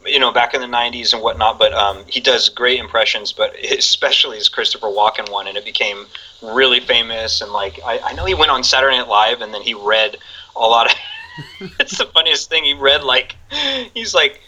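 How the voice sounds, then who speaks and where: A man's voice: mid-range voice, brisk, bright, forceful tone, a little hiss or hum, low-quality recording. A man in his forties, a guest on a casual chat show, rambling and laughing often between many fillers. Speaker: podcast guest.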